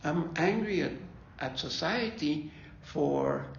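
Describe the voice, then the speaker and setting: Gravelly man leading a grief group. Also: a little high, animated, slow, a little hiss or hum. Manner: conversational, repeats himself, asks "okay?". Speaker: grief ministry leader. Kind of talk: faith-based bereavement talk. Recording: echoey room, dull lo-fi sound.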